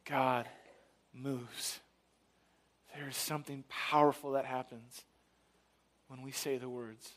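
A man's voice: medium pitch, little pitch movement, slow pace, pauses often. A man in his thirties preaching a sermon, telling a family story and acting out the voices of his wife and little daughter. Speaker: pastor.

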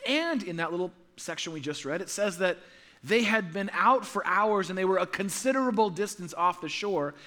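In a church sanctuary, a male pastor preaches at normal speed in a high, bright voice. His animated sermon swings from loud, emphatic, rising passages to soft, hushed ones, with humorous asides along the way.

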